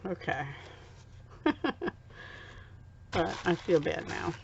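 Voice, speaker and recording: A middle-aged American woman chats unhurriedly, in a fairly low voice, as she unboxes handmade crafts. She gushes and is easily touched. Her home recording sounds dull and lo-fi, with a faint hiss behind her. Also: drawn-out words, vocal fry. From USA. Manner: chatty, gushing, easily touched. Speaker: crafting vlogger. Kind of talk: casual unboxing chat.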